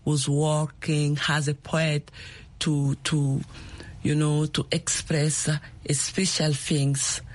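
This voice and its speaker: Low husky hesitant woman. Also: flat delivery, slow, darkish tone. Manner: hesitant, searching for words. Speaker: co-host from another program. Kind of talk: casual teaching chat.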